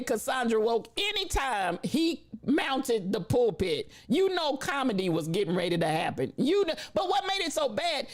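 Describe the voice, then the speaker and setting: A woman host telling a funny story in a casual, animated way, often laughing and talking to her chat. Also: high-pitched. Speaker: livestream host.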